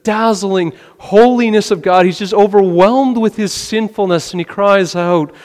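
A man preaching a sermon in an earnest way, asking questions and often dropping his voice low. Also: unhurried, hardly any pauses, in a large hall. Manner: earnest, rhetorical questions, drops to a quiet voice. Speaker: pastor.

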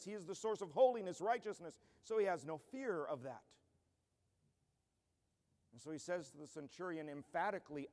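A man pastor delivers an earnest, emphatic expository sermon in a fairly high voice. His speech carries a long reverb from a large church hall. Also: a little mellow.

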